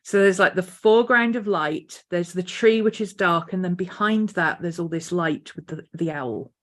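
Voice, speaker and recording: A woman artist thinking aloud as she sketches, unhurried, now and then cooing to her dog. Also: on the low side. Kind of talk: casual art vlog narration. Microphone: desk mic.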